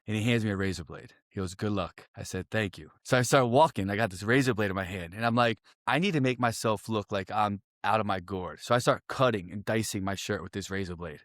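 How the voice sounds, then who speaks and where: A young man from Connecticut telling a wild story on a podcast, animated and profane, full of "I'm like" and "right?". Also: on the low side, brisk, few pauses, dry recording, clean studio sound. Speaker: podcast guest. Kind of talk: casual storytelling.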